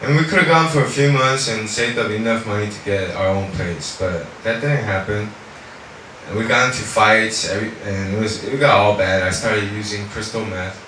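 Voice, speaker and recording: A man tells a personal faith testimony in a lively, conversational way, peppering it with "you know" and switching into Korean now and then. His voice is bright. He is recorded from a distance in a very echoey room with faint background noise. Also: lowish voice, normal speed. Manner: animated storytelling, heavy on fillers like "you know". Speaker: speaker giving a testimony.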